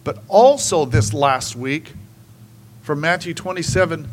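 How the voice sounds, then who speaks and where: Brief: male preacher with a fairly high voice, emphatic sermon, soft hiss behind him. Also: a little slow, poor audio. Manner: emphatic, swinging between hushed and raised.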